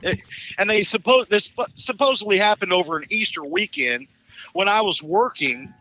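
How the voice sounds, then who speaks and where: A man in his fifties, a caller on a live talk show, telling a profane, animated story with stumbling restarts and laughs. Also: high voice, moderate pace, dull audio.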